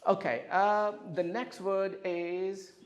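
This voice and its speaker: A man teaching English vocabulary to a classroom, asking clear questions and having the students repeat words. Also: high-pitched. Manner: slow and clear, with lively questioning and drilling.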